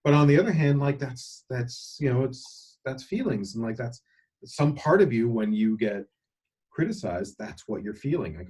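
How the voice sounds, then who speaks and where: A man's voice: mid-range voice, animated, normal speed, darkish tone, husky. A man in a casual group conversation, speaking earnestly and emphatically, often repeating words. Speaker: panelist.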